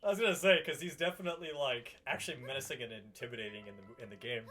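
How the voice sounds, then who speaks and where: A man's voice: medium pitch, rapid-fire, sharp tone, soft background music. A man co-hosting a live game stream, chatting casually and rambling between topics. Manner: rambling, fond of quoting characters in put-on voices. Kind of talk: casual gaming chat.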